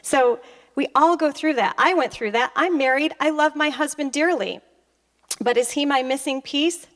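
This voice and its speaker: High-voiced woman telling stories on stage. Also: normal speed. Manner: animated storyteller who acts out conversations and laughs often. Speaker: motivational speaker and author. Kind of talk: motivational stage talk with personal stories. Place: stage at an expo.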